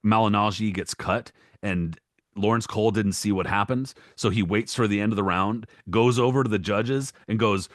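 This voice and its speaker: A man's voice: mid-range voice, fairly bright tone, no room sound, clean studio sound. A man co-hosting a podcast as a boxing historian, ranting in a profane, exasperated way and running down a list of examples. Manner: rapid listing with mock-quoted voices. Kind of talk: casual podcast rant.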